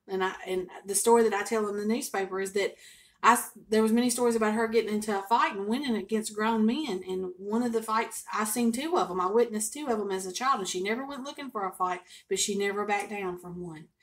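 An older woman, a home cooking vlogger chatting and telling a family story to camera in a folksy, expressive way. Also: medium pitch, quick pace.

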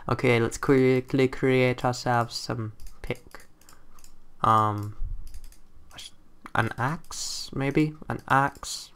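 A young man giving excitable, chatty commentary on a game he is playing, often exclaiming and talking to creatures in it. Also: medium pitch, extremely slow, long pauses, smooth. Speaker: gameplay commentator. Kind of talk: casual let's-play commentary. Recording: faint background hiss and typing clicks.

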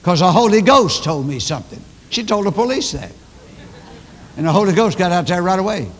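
Older preacher in a reverberant hall. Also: male voice, high voice, very animated, a little fast. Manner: emphatic preaching, storytelling with repetition. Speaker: pastor. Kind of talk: sermon. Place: large church. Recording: long church hall reverb.

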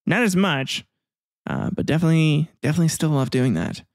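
A man's voice: on the high side, very animated, brisk, dry recording, clean studio sound. A man hosting a history podcast in casual chat, rambling between reading notes and crude joking asides. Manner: rambling, jokey, crude asides, frequent laughs. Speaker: podcast host.

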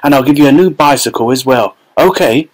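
A tall, scheming stranger leans in and whispers a coaxing offer, as a male narrator puts him on. He sounds hushed and persuasive in a storybook. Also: mid-range voice, brisk, close to an everyday voice, poor audio.

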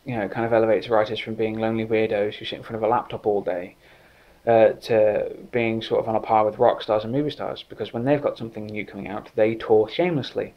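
A man's voice: lowish voice, muffled recording. An English man with an English accent, a writer telling a comic story in a wry, self-deprecating way. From England.

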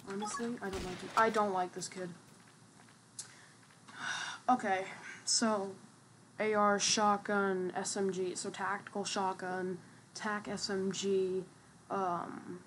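A woman's voice: medium pitch, level tone, takes it slowly, long pauses, a bit bright, slight background noise. A woman giving casual gameplay commentary as a streamer, chatty and trash-talking, with lots of fillers. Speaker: gaming streamer.

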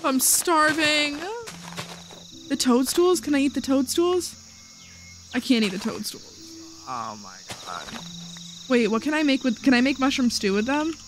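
A woman's voice: high-pitched, very animated, measured pace, over music. A woman hosting a casual let's-play video, chatting playfully to herself as she plays. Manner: playful, chatty, talks to herself while playing. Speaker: gaming video host.

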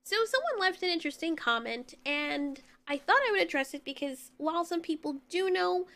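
A woman's voice: lively intonation, brisk, sharp tone. A woman hosting her own channel, talking candidly in a casual vlog, with a childlike-sounding voice. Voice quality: childlike, high voice. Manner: candid, self-reflective, conversational. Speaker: channel host.

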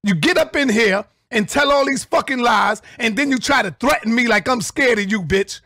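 A middle-aged man delivering an angry, profane call-out rant as a vlogger, confrontational and bursting into shouts. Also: extremely high pitch, moderate pace, no room sound, clean studio sound.

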